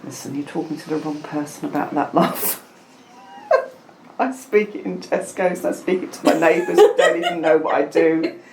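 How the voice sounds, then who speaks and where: A woman, a spiritual healer, leading a hushed, slow channeled session over a video call and then chatting casually with her client. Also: sits low, a little hiss or hum. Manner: soft, slow, hushed incantations. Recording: roomy echo.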